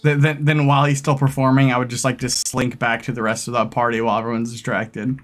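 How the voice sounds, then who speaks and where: A man's voice: mid-range voice, little pitch movement, fast talker, faint music behind. A man playing in a tabletop game, describing his sneaky moves with stammers and restarts. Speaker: player. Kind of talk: casual chat in a tabletop game.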